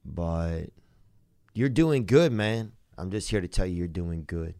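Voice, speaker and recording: A man hosting a podcast, talking loosely and warmly to a caller, rambling with laughing asides. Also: deep voice, expressive, measured pace, dry recording, clean studio sound. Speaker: podcast host. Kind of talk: casual podcast chat.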